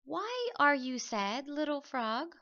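A woman's voice: sits high, big pitch swings, slow, bright, forceful tone, dull audio, pitched above the performer's own voice, exaggerated voice. A woman reading as a kind storybook giraffe.

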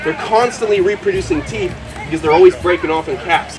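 A man with a high, bright-sounding voice hosts a wildlife vlog from an outdoor alligator park. He talks with playful, bouncing energy, loudly calling to the animals. Music plays beneath him. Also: brisk. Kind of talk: excited casual talk with animals.

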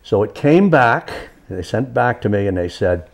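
A man's voice: lowish voice, lively intonation, moderate pace, creaky, hardly any pauses. A man, an author as a guest, telling stories in a casual community TV studio interview, chatty and full of restarts.

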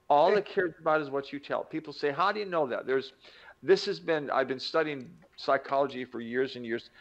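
A man's voice: mid-range voice, creaky, lo-fi sound. An older man giving an emphatic motivational talk, acting out quoted voices as he teaches. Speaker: self-help teacher.

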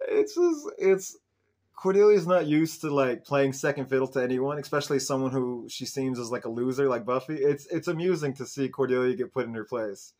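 This man hosts a fan show and chattily recaps a TV episode, his animated retelling peppered with "like" and "um." His voice is medium in pitch and his pace a little fast.

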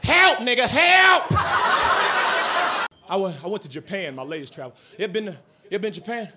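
A man performing a stand-up comedy set on a club stage, swinging from quiet asides to shouted punchlines. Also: high-pitched, animated, very fast. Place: comedy club stage before a laughing audience. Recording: live club recording with audience noise.

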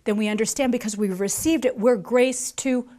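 A woman preaching a sermon, emphatic and repetitive, who slows down to stress scripture lines. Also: on the high side, warm tone. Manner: emphatic, repeats key phrases, acts out quoted voices. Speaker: mother. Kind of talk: conference sermon.

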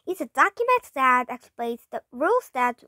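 A woman's voice: high-pitched, big pitch swings, moderate pace, pushed and bright, no echo, exaggerated voice. A woman voicing a sensible, big-eared female mouse who urges the other animals to cooperate. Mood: earnest.

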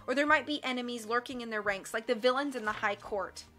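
A woman's voice: a little high, fast talker, sharp tone. A woman reading the part of a determined, anxious older sister, faint music behind. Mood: urgent.

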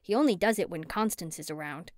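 A woman narrator voicing a troubled woman in an audiobook, speaking in a grim, hushed way. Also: fairly low pitch, fast, no room sound, clean studio sound, natural voice. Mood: upset. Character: troubled woman with a ghost problem.

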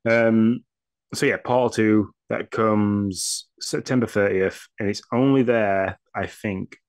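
A man co-hosting a casual gaming podcast, easygoing and quick to chuckle as he reads through lists. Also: fairly low pitch, fairly even intonation, no echo. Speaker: podcast co-host. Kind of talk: casual chat.

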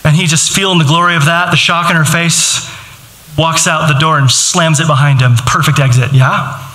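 A man preaching a sermon as pastor, animated and joking, laughing along with his congregation. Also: a little high, moderate pace, reverberant, rough recording. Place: large church auditorium.

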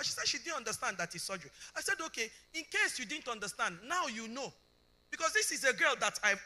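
A middle-aged Nigerian woman, bright and forceful, gives a testimony sermon as a conference speaker. Telling her story with animation, she acts out both sides of every dialogue with wide pitch swings and keeps asking the congregation whether they understand.

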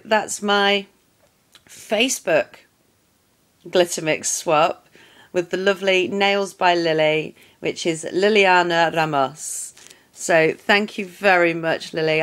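A woman, gushing warmly and casually as she unboxes nail art supplies for her vlog. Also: lowish voice. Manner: gushing, effusive.

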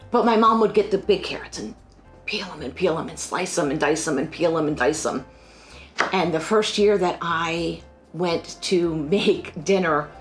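A middle-aged woman from Pennsylvania chatting casually about family holiday memories in a rambling, animated way. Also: fairly low pitch. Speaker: financial firm staff. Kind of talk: casual personal storytelling.

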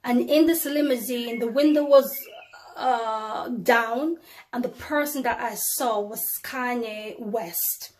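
A woman's voice: fairly high pitch, slow pace. A woman, preaching as she recounts a vision, calling her listeners brothers and sisters. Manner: addresses viewers as brothers and sisters, ladies and gentlemen; storytelling with emphatic rises and drops in loudness. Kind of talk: testimony to viewers.

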